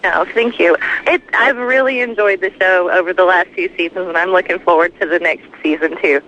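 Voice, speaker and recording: A woman's voice: lowish voice, a little fast, a bit bright. A friendly woman from North Carolina with a mild Southern accent, calling in to a radio show. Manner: friendly, upbeat. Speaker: caller. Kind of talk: casual phone call. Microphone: phone line. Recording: dull phone-line sound.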